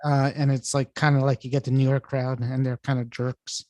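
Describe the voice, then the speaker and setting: A man's voice: mid-range voice, little pitch movement, normal speed, a little mellow, no room sound. A male co-host chatting casually and telling long, wandering stories. He often restarts his sentences and breaks into laughs. His voice is dry and close to the mic. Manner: rambling storyteller, restarts and laughs. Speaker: podcast co-host. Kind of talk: casual chat.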